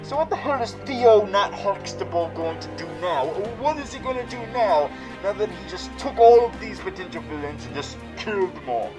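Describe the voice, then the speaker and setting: A man's voice: sits high, lively intonation, moderate pace, few pauses, music in the background, poor audio. A man hosting a comic recap vlog, rambling and profane with many fillers and restarts. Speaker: comedy vlogger in villain persona.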